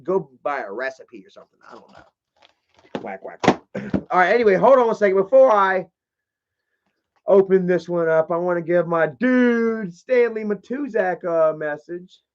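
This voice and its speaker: A man's voice: sits high, lively intonation, normal speed, dull audio. A man in a casual live stream, rambling, joking and swearing as he opens fan mail. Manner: rambling, profane and jokey.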